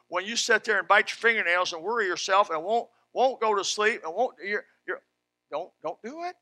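A man preaching a sermon in a folksy, fervent way, dropping to a hush and then rising loud. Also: high voice, normal speed, no room sound. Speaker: pastor.

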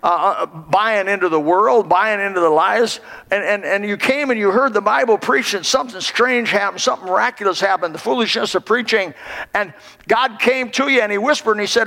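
A male pastor preaches with impassioned, swelling emphasis. His voice sits high for a man and carries a gravelly edge. The long reverb of a church hall rings behind every phrase. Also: fairly quick, sharp tone. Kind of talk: sermon. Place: church sanctuary.

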